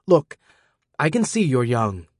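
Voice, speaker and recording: A man's voice: medium pitch, very animated, unhurried, a little mellow, no room sound, studio quality. A man voicing a brusque, pushy corporate man in an audiobook. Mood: demanding.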